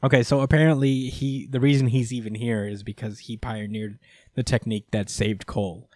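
An easygoing man co-hosting a recap podcast, chatting casually and laughing between sentences. He swears freely and sits at an ordinary, middle pitch. The sound is close and dry, with no room around it. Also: fairly even intonation, brisk, darkish tone, no echo. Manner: laughing, profane, acts out quotes. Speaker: podcast co-host.

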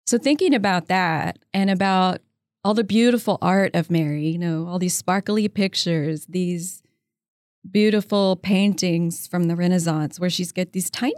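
A woman's voice: fairly low pitch, normal speed, no echo, clean studio sound. A woman guest, an author, talking casually. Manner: warm, storytelling, enthusiastic about her faith. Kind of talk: casual interview conversation.

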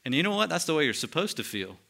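A male pastor preaching a sermon in an earnest tone, slowing down and dropping quiet for emphasis. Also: fairly high pitch, sing-song, gravelly.

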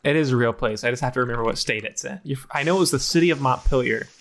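A man's voice: mid-range voice, very fast, lightly acted. A man voicing a petty male chipmunk who nags and needles his partner in improv comedy. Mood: nagging. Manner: nagging, needling, argumentative. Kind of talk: improv comedy role-play.

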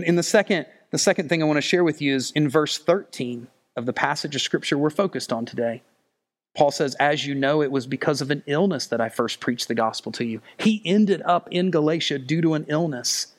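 High-voiced earnest preaching man. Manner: earnest, pleading, swells louder and higher when stirred. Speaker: pastor. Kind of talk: sermon.

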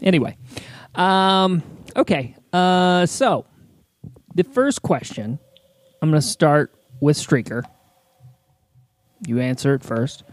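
A man hosting an improvised comedy quiz, asking questions with slow, drawn-out phrasing and chuckling between lines. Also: a little high, no echo. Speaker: quiz host.

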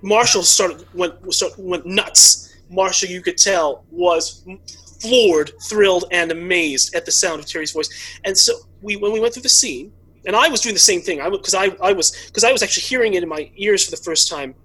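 A man producing a fan audio drama, telling the story with excited, halting restarts in a casual interview. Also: high voice, slightly rough, rough recording.

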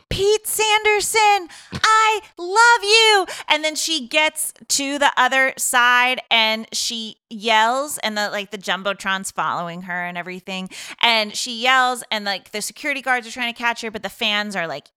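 A woman from Boston casually retelling a film plot, animated and full of fillers, acting out the dialogue. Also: a little high, smooth, no room sound, clean studio sound.

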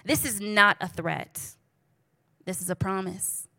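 A woman voicing a furious, vengeful queen who speaks in a low, quiet, menacing tone. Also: slow pace, dry recording, clean studio sound.

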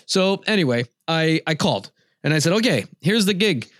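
A man's voice: fairly high pitch, expressive, moderate pace, dry recording, clean studio sound. A middle-aged man co-hosting a podcast, telling a long story in casual chat and laughing often. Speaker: podcast co-host.

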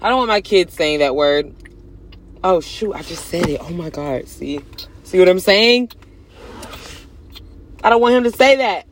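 Young woman vlogger, chatty and profane, jumps between loud and hushed. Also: on the low side, a little slow, long pauses, a little hiss or hum. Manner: animated, swings from loud bursts to hushed asides, cursing and joking. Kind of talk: casual chat to camera.

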